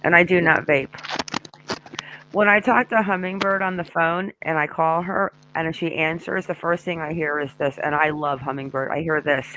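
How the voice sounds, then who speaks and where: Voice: medium pitch, fairly even intonation, moderate pace, heavy background noise. A live-stream host chatting casually and jokingly with viewers from a home den. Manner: joking, chatty, addresses chat directly.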